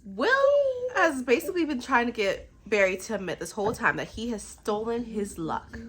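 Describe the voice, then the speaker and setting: A young woman chatting casually in a reading vlog, recapping a book with lots of "like" and quick reactions. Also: fairly high pitch, a little hiss or hum, low-quality recording. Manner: animated, chatty, fillers like "like". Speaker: book vlogger.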